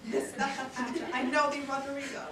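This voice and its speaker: A woman's voice: high voice, level tone, brisk, crowd noise, natural voice. A woman acting an older male senator, an alarmed and angry father, in an amateur stage performance, exclaiming indignantly. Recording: roomy sound from far off with audience.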